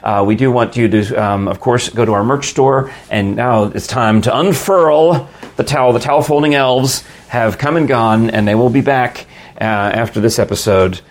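A man hosting a podcast, chatting casually and rambling, with easy laughs and a husky, gravelly voice. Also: medium pitch, normal speed. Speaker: podcast host. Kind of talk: casual chat with ad read.

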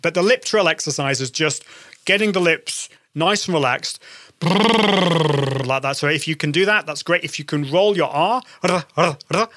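Bright-voiced man coaching vocal warm-ups. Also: moderate pace, no room sound, clean studio sound. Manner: encouraging, demonstrative, shifts pitch for examples. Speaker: podcast host and voice coach. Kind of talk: instructional podcast talk.

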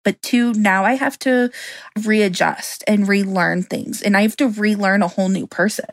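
A woman's voice: mid-range voice, steady tone, normal speed, vocal fry, no echo. A young woman guest on a podcast speaking earnestly and candidly about her own experience. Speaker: guest, daughter. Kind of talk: personal story on a podcast.

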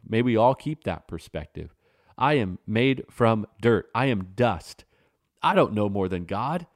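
Guy preaching a sermon, earnest and emphatic, lowish voice, dry close mic. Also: a little mellow, no echo. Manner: earnest, emphatic, with sudden rises in pitch. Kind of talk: sermon-style teaching.

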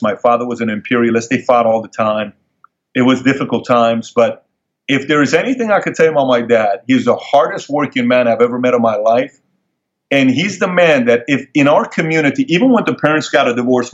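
A man telling a personal story as an interview guest, animated and acting out the people he quotes in a higher voice. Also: a little fast. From Middle East. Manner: animated, acts out quoted dialogue in raised voice. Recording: dull lo-fi sound.

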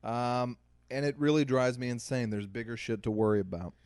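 A man's voice: mid-range voice, brisk, a little mellow, smooth, dry recording, studio quality. Chatty storytelling podcast host man. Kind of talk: casual chat.

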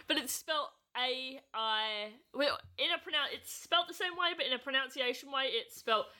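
A woman co-hosting a podcast in casual chat, giggly and playful, and prone to rambling. Her voice is bright and sits a little high. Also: expressive, moderate pace. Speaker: podcast co-host.

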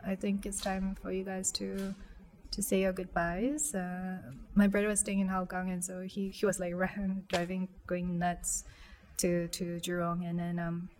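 A young woman quietly telling a personal story, halting with many fillers and restarts. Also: on the low side, monotone, slight background noise.

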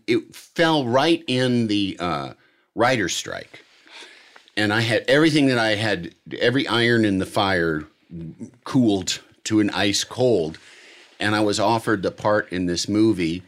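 Low, lively-voiced man telling stories. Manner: animated storyteller, does playful voices. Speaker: actor guest in conversation. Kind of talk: casual chat.

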